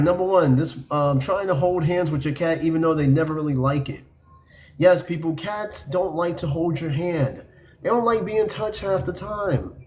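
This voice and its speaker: A man's voice: on the high side, a little mellow, slight background noise. Blunt, profane man hosting a podcast. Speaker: podcast host. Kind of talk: casual podcast commentary reading a list.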